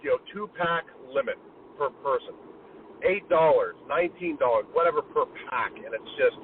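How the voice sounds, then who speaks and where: A man's voice: medium pitch, expressive, normal speed, a little hiss or hum. A man co-hosting a podcast in casual chat, exasperated, trailing off and restarting. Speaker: podcast co-host. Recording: tinny phone line, husky.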